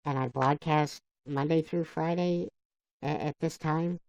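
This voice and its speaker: A woman with a low, gravelly voice hosts a live stream, talking slowly and rambling from one viewer comment to the next. Her sound is dry and a bit dull, like a cheap mic. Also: flat delivery, a little mellow, no room sound. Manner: rambling, halting, answers viewer comments by name. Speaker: livestream host.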